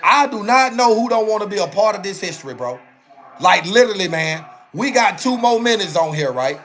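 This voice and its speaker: A young man streams live to his viewers, talking with loose, animated energy and ending nearly every phrase with "bro". His voice sits a little high for a man. He speaks in a casual, repetitive way. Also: brisk. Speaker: channel host.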